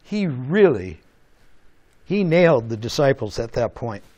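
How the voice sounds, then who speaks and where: A man preaching a sermon in an animated way, asking rhetorical questions and chuckling now and then. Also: mid-range voice, a little slow.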